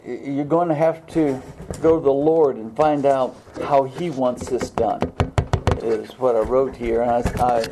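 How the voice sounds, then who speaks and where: A man preaching a sermon in a folksy, halting way, with frequent fillers and restarts. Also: mid-range voice, gravelly, dark tone, a little hiss or hum. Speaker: pastor.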